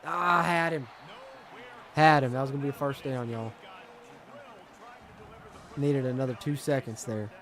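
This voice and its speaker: A man's voice: mid-range voice, fairly even intonation, a little slow, pauses often, a bit bright. A man chatting through a football video game stream, swinging between frustration and hype as he reads viewer comments. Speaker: gaming streamer. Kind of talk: live gameplay commentary and chat.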